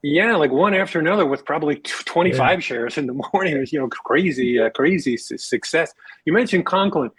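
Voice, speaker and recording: A man's voice: fairly high pitch, lively intonation, fairly bright tone, husky, no echo. A man interviewing a fellow radio veteran, chatty and agreeable, who adds his own memories of the trade. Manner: chatty, quick affirmations. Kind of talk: casual interview chat.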